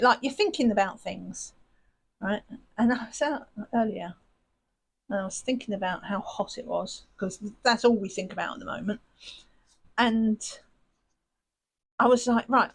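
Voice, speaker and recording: On a crafting channel, a woman sorts her supplies while chatting casually in a rambling, self-mocking way. Her voice is mid-range, and the audio quality is poor.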